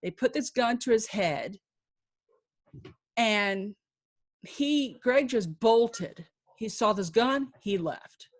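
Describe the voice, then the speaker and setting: A woman, a podcast guest, recounting a personal story in an emotional, halting way with many restarts and a faith-filled tone. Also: fairly high pitch, animated.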